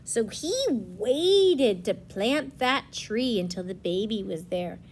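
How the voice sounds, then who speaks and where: A young woman, a preschool teacher, reading a picture book aloud to children and explaining it in simple words. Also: medium pitch. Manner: slow, explanatory, expressive storytelling.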